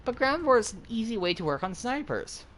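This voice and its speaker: A young man hosting a gaming channel, chatting casually with friends while he plays and bursting into excited yelps and laughs. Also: high-pitched, a little fast, slight background noise. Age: young adult.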